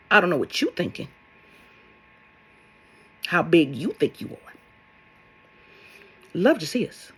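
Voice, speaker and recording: A woman's voice: mid-range voice, a bit bright, slightly rough. A woman speaking as a spiritual love coach in a vlog monologue, blunt and sassy, swearing and firing rhetorical questions at her viewers.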